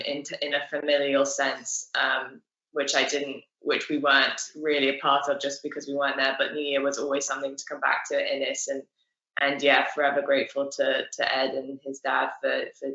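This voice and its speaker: A woman with an American accent speaks in an interview with eager enthusiasm, stumbling over fillers now and then. Her voice is bright and forceful, and it sits in an echoing room. The sound is dull and slightly lo-fi. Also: a bass voice. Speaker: writer and film director, guest. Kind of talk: interview answer.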